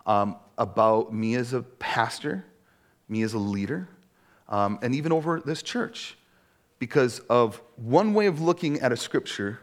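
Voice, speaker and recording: Lively pastor preaching a sermon. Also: male voice, medium pitch. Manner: animated, acts out quoted voices, many rhetorical "right?".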